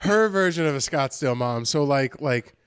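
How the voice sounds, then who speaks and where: A man's voice: moderate pace, clear, resonant tone, no room sound, studio quality. A man co-hosting a podcast, telling a story in casual chat, swearing freely and mimicking other people. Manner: animated, swearing, mimics people in high voices. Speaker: podcast co-host. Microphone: studio podcast mic.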